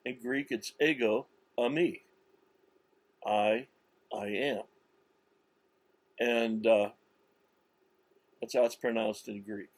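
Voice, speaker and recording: A man giving a slow, insistent religious monologue, with many restarts and stressed words. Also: fairly low pitch, steady tone, dry recording. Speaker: religious commentator. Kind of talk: self-recorded religious monologue.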